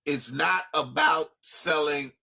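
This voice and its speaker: A man who is a guest musician, explaining industry history in a measured way. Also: fairly high pitch, creaky, bright, forceful tone, breathy edge.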